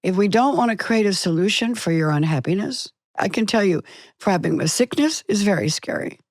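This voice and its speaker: An older woman, an actress being interviewed, telling stories in an animated way and acting out the voices she quotes. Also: mid-range voice, a little fast, dry recording, studio quality. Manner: animated storytelling, acts out quotes. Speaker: guest, actress. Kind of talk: conversational interview.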